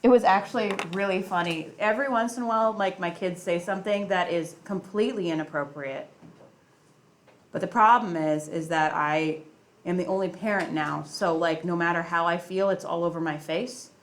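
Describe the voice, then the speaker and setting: A woman's voice: fairly low pitch, moderate pace, a little hiss or hum. A woman math teacher in a classroom, chatting with students and acting out stories about her young kids. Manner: chatty, animated storytelling, acts out her kids' lines. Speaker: high school math teacher. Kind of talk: classroom teaching with personal anecdotes.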